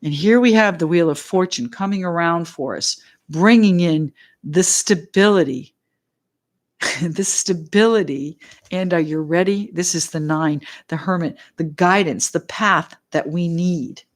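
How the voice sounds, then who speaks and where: A middle-aged woman leads a live tarot reading in an excited, chatty way. She talks straight to her viewers, greets them by name and goes off on tangents. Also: on the low side, measured pace. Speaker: tarot reader.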